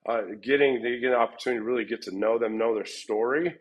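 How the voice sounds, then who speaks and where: A man's voice: mid-range voice, fairly even intonation, very fast, rough recording. A middle-aged man, a fight gym coach, answering interview questions in a rambling way, often restarting and repeating words. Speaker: MMA gym head coach.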